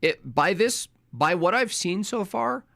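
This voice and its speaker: An American man giving sarcastic, argumentative commentary on a debate clip, speaking in rapid bursts. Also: high voice, lively intonation, creaky, sharp tone, dry recording. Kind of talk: casual commentary.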